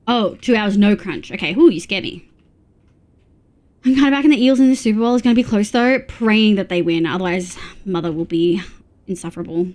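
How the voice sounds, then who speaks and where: A young woman chats on a live stream. Her voice sits a little high. She talks loosely and reads out chat messages as she goes. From Australia. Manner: chatty, reads chat aloud, frequent laughs.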